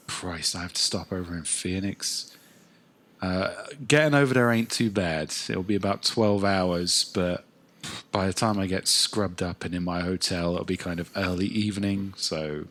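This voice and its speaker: A man's voice: deep voice, a bit bright. A man from England with an English accent, co-hosting a podcast in casual, sweary, self-mocking banter. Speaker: podcast co-host. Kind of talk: casual chat.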